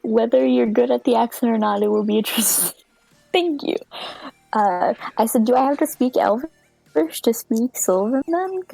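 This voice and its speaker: A woman's voice: on the high side, moderate pace, vocal fry, dark tone, no room sound, faint music behind, rough recording. A woman playing in a tabletop game over a voice call, giving brief, hesitant replies. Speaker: player. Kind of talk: casual tabletop game stream.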